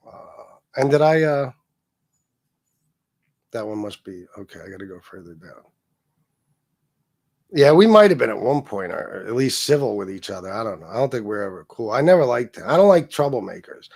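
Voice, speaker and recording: A livestream host of Sicilian heritage talks in a mid-range, darkish voice. He hosts casually, speaking bluntly with lots of swearing, and reads viewer and donor messages aloud.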